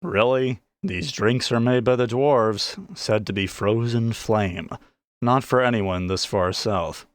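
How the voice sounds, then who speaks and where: A man's voice: medium pitch, slow, no echo, close to an everyday voice. A man voicing a prickly young cat-folk woman who answers curtly and irritably. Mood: irritated. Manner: irritated, snappish.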